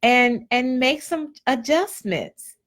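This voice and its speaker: A woman's voice: high-pitched, expressive, slow pace, a bit bright. A woman host giving blunt, preachy motivational advice in a casual live talk. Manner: preachy and blunt, colloquial, repeats phrases.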